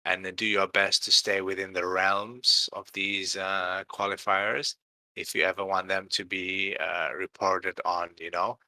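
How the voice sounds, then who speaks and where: A man's voice: deep voice, level tone, a little slow, pushed and bright, no room sound, poor audio. A tired man hosting a casual community call, rambling with many fillers and tags like "right?". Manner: rambling, heavy fillers, tired late-night tone. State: tired, yawning. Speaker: community host. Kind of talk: casual livestream chat.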